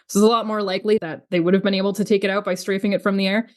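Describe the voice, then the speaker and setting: A woman's voice: mid-range voice, flat delivery, racing. A woman co-hosting a casual film review podcast, recapping the plot and adding history asides. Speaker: podcast co-host.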